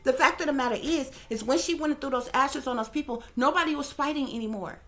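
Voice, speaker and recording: Emphatic higher-voiced woman commentator. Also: fast talker, fairly bright tone. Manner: emphatic, repeats "okay?" to press points, swears casually. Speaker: psychic reader and channel host. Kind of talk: casual commentary to viewers.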